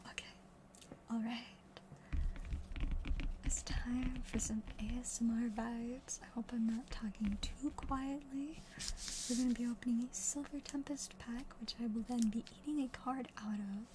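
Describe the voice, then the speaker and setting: A young adult woman whispering softly and unhurriedly in an ASMR style while opening card packs. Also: on the high side, fairly even intonation, normal speed, background noise.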